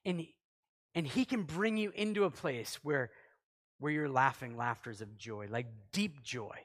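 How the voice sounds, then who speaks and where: A man preaching in a loose, conversational way with a slightly high voice, shifting from loud to hushed as he acts out little exchanges. His words trail off into a long hall reverb. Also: unhurried. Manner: conversational, acts out quotes, swings loud and soft. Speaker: pastor. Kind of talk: sermon.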